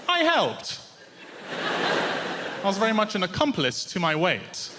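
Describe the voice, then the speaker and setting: Male comic, 20s, deadpan and self-mocking, lively pitch, live theatre with reverb. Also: very noisy. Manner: deadpan and self-deprecating, with drawn-out punchlines. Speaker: stand-up comedian. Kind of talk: stand-up routine. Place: large theatre stage.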